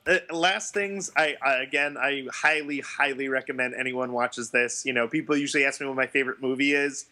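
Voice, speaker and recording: A man's voice: mid-range voice, fairly even intonation, fairly quick, bright, forceful tone. A man hosting a podcast, chatting casually and enthusiastically about a favorite film. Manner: enthusiastic, laughs often. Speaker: podcast host. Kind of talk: casual chat.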